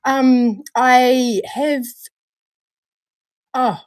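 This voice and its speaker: A woman's voice: high voice, fairly even intonation, drawn-out words, no echo. Bubbly laughing New woman. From New Zealand. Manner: bubbly, laughs often, calls people darling. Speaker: livestream co-host. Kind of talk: casual live-stream chat.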